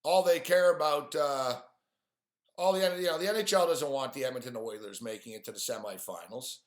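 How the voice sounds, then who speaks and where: A man's voice: medium pitch, fairly quick. A man ranting on a live stream about sports games and his bets, swearing often and sounding frustrated. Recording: echoey room.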